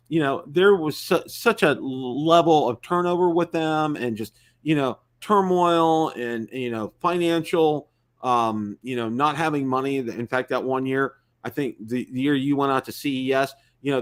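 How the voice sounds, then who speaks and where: A man's voice: mid-range voice, normal speed. Rambling male live-stream show host. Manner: rambling, many fillers and restarts.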